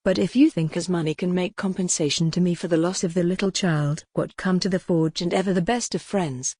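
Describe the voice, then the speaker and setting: A text-to-speech woman's voice reading the lines of a plain-spoken, gentle male village blacksmith in a classic novel audiobook. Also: fairly low pitch, brisk, dry recording, clean studio sound, close to an everyday voice. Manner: even, machine-read delivery.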